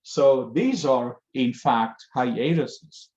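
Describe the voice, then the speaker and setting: A man teaching a language lesson, explaining step by step with slow, careful pauses. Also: mid-range voice, animated, a little mellow. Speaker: Spanish teacher. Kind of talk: lecture. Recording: echoey room, dull lo-fi sound.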